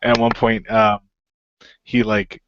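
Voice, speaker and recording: A man hosting a casual podcast chat, halting with fillers and laughing often. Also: fairly low pitch, level tone, slight background noise. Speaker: podcast host. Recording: dull lo-fi dry sound.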